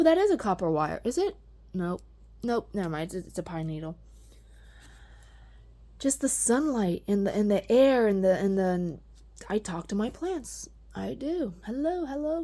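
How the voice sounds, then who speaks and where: Excitable woman vlogger, a little higher voice, rambling and gushing about her plants. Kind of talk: casual plant vlog.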